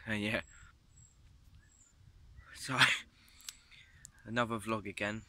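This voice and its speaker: Out in the woods and fields, a young man vlogs on his phone, speaking very slowly in a fairly low voice with little pitch movement over very noisy surroundings. His casual rambling is full of swearing, "mate" and "literally."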